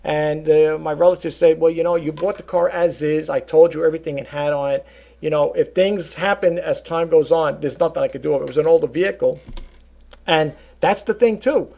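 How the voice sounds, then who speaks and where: Gravelly middle-aged man rambling to viewers. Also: on the high side, fairly quick, warm tone. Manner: rambling, many fillers and asides, addresses viewers as folks. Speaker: vlogger and eBay reseller. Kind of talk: casual rambling talk to camera.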